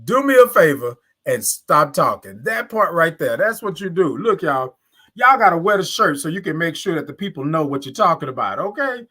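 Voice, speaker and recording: Southern man, live-stream host, upbeat and chatty, slightly higher voice, drawn-out sung greetings. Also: animated, bright, forceful tone. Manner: upbeat, greets viewers by name, drawn-out sung good mornings. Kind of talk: casual live-stream chat.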